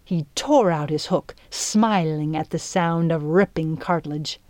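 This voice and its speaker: A woman narrating an adventure storybook in a measured, expressive reading voice. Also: sits low, dry recording. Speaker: audiobook narrator.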